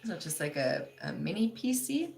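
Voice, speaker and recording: A woman's voice: fairly low pitch, big pitch swings, normal speed, creaky, a little mellow, a little hiss or hum. A woman hosting a casual livestream, chatting loosely with lots of "like" and laughing often as she reads viewer comments. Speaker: livestream host.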